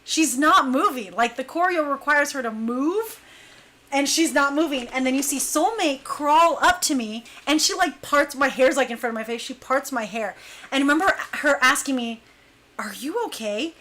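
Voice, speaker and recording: Brief: young woman, high bright voice, lively casual storyteller who hushes for quoted lines. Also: moderate pace. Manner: animated, acts out quotes in hushed voice. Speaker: dancer telling a story.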